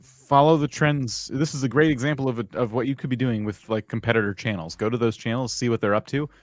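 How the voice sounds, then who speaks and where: A man co-hosting a live stream, giving calm, direct advice to creators. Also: mid-range voice, quick pace, no echo, soft background music. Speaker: co-host giving channel advice.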